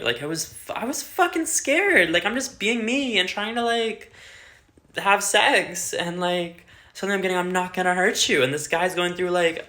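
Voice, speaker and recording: A woman's voice: on the low side, fairly bright tone. A young adult woman telling a casual storytime vlog, chatty and full of fillers, swearing freely. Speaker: vlogger. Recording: roomy echo.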